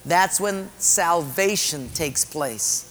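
A male pastor preaches a sermon with a high voice and an unhurried, emphatic delivery. He repeats key phrases to drive them home. His words trail off in a long church echo. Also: a bit bright, a little hiss or hum.

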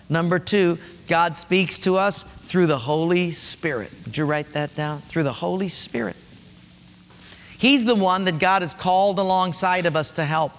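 A male pastor preaching an emphatic sermon, repeating key phrases and dropping to quiet, slow emphasis. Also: high-pitched. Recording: long hall reverb.

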